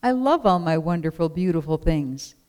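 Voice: mid-range voice, lively intonation, moderate pace, a little mellow, natural voice. A storyteller voicing a greedy king who wails and exclaims, in a storybook reading. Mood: exasperated. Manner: wailing, exclaiming. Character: greedy king, fretful then joyful.

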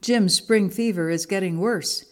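A woman voicing a fussy, anxious little bird in a storybook, shrill and bossy. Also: a little slow, a little mellow, lightly acted.

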